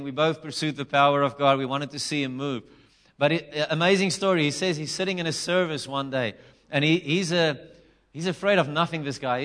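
A middle-aged man preaching a sermon, telling a story with passion and breaking into loud, emphatic declarations. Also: fairly high pitch.

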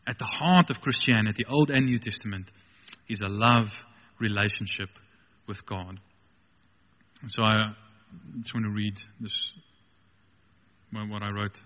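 A man's voice: on the low side, steady tone, measured pace, long pauses, a bit bright, big-room sound, dull audio. A man preaching a sermon with passion, building to emphatic peaks.

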